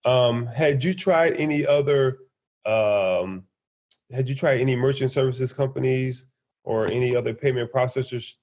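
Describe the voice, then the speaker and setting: A man's voice: mid-range voice, a little slow, darkish tone. This is a man interviewing a client on an informal business call. He keeps his questions short and to the point. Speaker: payment services representative.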